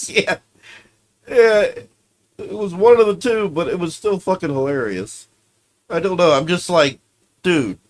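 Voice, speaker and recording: A man's voice: high-pitched, lively intonation, unhurried, pauses often. A man streaming casually, reacting to clips with offhand, profane commentary.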